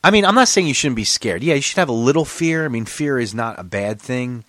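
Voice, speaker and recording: A male podcast host tells rambling, profane stories and jumps between voices as he acts out each exchange. His pitch swings widely from line to line. The sound is dry and close, with almost no room around it. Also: brisk, no room sound. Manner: animated, acts out both sides of his stories. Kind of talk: casual profane storytelling chat.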